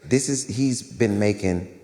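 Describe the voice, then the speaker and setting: Prim, stern school principal woman, put on by a male comic; formal, low, long stage reverb. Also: takes it slowly, dark tone. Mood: stiff.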